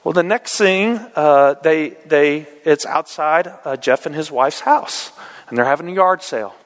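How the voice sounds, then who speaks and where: A male preacher praying and then retelling a story in a folksy, animated way, with frequent fillers, in a church. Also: a little high, measured pace. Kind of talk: sermon storytelling. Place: church sanctuary. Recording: echoey hall reverb.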